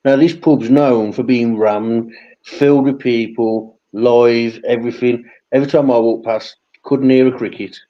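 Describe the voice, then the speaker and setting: A man's voice: mid-range voice, steady tone, unhurried. A man, telling rambling anecdotes in casual chat and swearing freely. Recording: dull lo-fi stream audio.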